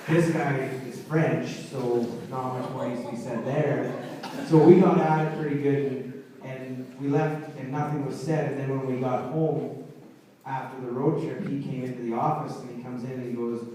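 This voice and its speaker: Speaking at normal speed in a steady, mellow mid-range voice, a man who coaches hockey rambles through an off-the-cuff banquet speech, restarting and using fillers. The mic sits far off in a very echoey hall, picking up faint room noise.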